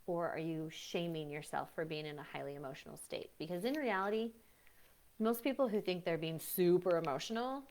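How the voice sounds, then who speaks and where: A woman breathwork coach talking on a live stream, chatty and animated, often acting out what other people say. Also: lowish voice, fairly quick. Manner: frequent fillers and restarts. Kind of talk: live-stream teaching talk.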